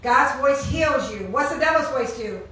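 A woman's voice: high voice, animated, normal speed, a bit bright. A woman preaching an informal sermon, asking the congregation questions and answering them with emphasis. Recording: echoey room, heard from far off.

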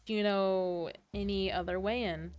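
A woman's voice: mid-range voice, steady tone, normal speed, a little mellow, lightly acted. A woman reading the lines of a terse male private detective in a video game, in her own voice. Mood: calm.

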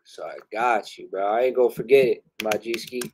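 A man hosting a live music review stream, talking loud and loose with heavy slang and swearing, laughing often. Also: lowish voice, moderate pace, a little hiss or hum. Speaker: host reviewing submitted music. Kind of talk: casual live-stream chat.

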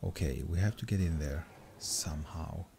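A man doing let's play commentary, excitable and swearing, coaxing the creature on screen. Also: very deep voice, moderate pace, gravelly, husky. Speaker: gaming commentator.

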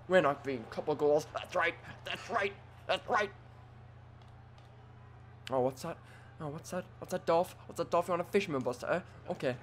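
Excitable man trash-talking through a game. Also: a little high, fairly quick, slight background noise. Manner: excitable, trash-talking, swings between whispers and yells. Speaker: gaming commentator. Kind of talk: let's play commentary.

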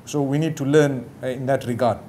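A man's voice: mid-range voice, steady tone, a little fast, mellow, a little hiss or hum. A middle-aged man giving a sermon-style lecture, talking casually with many "you know" asides. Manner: acts out the quoted lines of others. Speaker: Islamic preacher. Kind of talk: lecture to a live audience.

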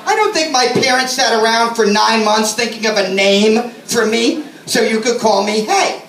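A man's voice: extremely high pitch, moderate pace, a bit bright, slight background noise. A man doing a stand-up comedy set on a club stage, telling sarcastic stories and acting out the people in them. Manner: sarcastic storytelling, acts out customers. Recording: roomy, from a distance.

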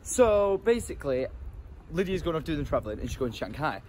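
A man's voice: a little high, sing-song, fast. A young man chatting casually and jokily to camera for his vlog. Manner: chatty and jokey, teasing. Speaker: vlogger. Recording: noisy street and travel background.

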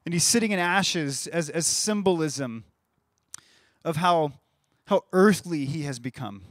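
Male pastor, thirties, conversational sermon, fairly high voice, dry close sound. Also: measured pace, dry recording. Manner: conversational, animated, with playful voiced asides. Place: church stage.

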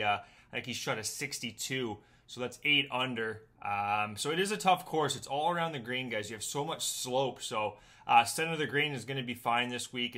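Casual male sports host, bright and forward, loose rambling delivery, young adult. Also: mid-range voice. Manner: chatty, rambling, lots of fillers. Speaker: golf betting podcast host. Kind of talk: casual sports betting talk.

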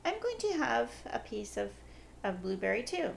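A woman's voice: a little high, big pitch swings, normal speed, gravelly, a little hiss or hum. A woman casually narrating a pet vlog in her home kitchen, coaxing her pets in a sing-song voice. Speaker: pet vlogger.

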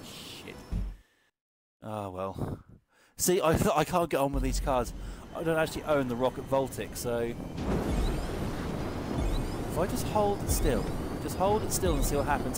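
A man gives casual live-stream commentary over a racing game, talking chattily and swearing freely. His voice sits at an ordinary middle pitch. Loud game and engine noise runs under everything he says. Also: a little slow, long pauses. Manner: chatty, excitable, swears often. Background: game engine and car sounds.

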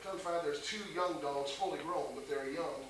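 Folksy high-voiced preacher, echoey hall. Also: male voice, normal speed, a crowd in the background. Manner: folksy, chuckling often while telling a story. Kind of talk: storytelling sermon. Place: church service. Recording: echoey hall recording from a distance with noise.

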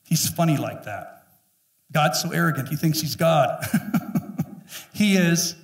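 A man in his fifties preaching a sermon as pastor, emphatic and joking, often acting out quick voices. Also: a little high, expressive. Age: 50s. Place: church sanctuary. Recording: echoey room, mic at a distance.

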